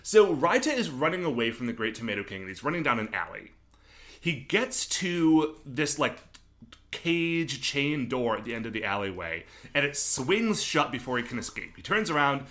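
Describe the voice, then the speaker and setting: A man's voice: medium pitch, sing-song, a bit bright. A man co-hosting a podcast, chatting casually and wryly as he recaps a TV episode with joking asides. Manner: wry, joking, quick asides. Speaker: podcast co-host.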